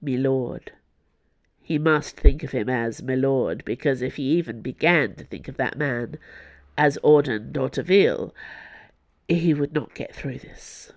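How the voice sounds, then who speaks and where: A narrator reading an audiobook in an even, close storytelling voice, with quiet, lowered asides. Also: measured pace, no echo.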